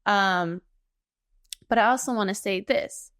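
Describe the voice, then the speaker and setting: A woman's voice: medium pitch, a little slow, fairly bright tone, no echo, clean studio sound. A young American woman co-hosting a podcast, ranting casually in a blunt, emphatic way and swearing freely. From United States. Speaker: podcast co-host.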